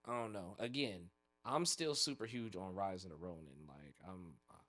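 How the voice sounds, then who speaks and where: A man's voice: sits low, normal speed, pushed and bright, no echo, faint music behind. A man co-hosting a podcast, chatting in a laid-back, rambling way with loose slang. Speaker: podcast co-host. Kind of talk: casual chat about anime and games.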